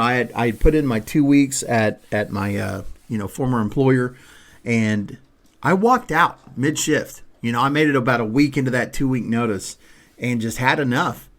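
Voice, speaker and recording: A man hosting a podcast, chatting casually and rambling with lots of fillers and restarts. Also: mid-range voice. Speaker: podcast host. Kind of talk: casual conversational chat.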